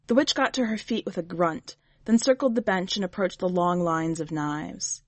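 A woman reading a short story aloud in a measured, unhurried way, as a podcast editor and reader. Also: fairly low pitch, no echo. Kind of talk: scripted narration.

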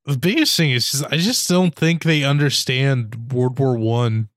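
A man's voice: medium pitch, a little slow, dry recording, studio quality. A man in casual chat reviewing a movie, rambling with lots of "like" and mock-quoting characters. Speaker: podcast co-host.

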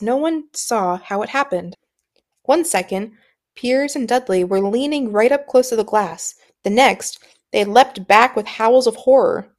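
Woman reading a novel aloud. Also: fairly high pitch. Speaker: audiobook reader.

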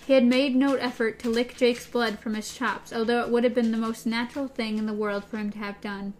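A woman's voice: a little high, fairly even intonation, fairly quick, a little mellow, slight background noise. A woman co-hosting a podcast, reading a novel aloud and discussing it playfully. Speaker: podcast co-host.

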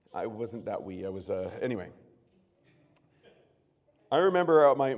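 A man preaching a sermon as pastor, earnest, moving from hushed tones to loud emphatic bursts. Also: medium pitch. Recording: long reverb of a large room.

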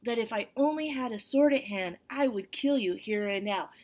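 Hot-tempered prophet, indignant and loud, read by a woman. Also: fairly high pitch, moderate pace, lightly acted. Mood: furious. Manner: forceful, indignant. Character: angry ancient prophet man, hot-tempered.

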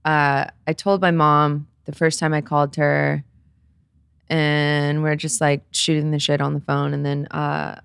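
A woman's voice: deep voice, flat delivery, a little slow, creaky, fairly bright tone, clear, resonant tone, no echo, studio quality. A young woman co-hosting a casual chat, telling a candid personal story and swearing freely.

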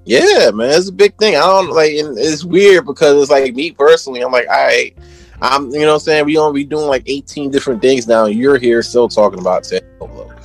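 Speaking at medium pitch and a little fast, a music producer chats casually as an interview guest. His storytelling is laid-back and full of slang, with plenty of "you know what I'm saying."

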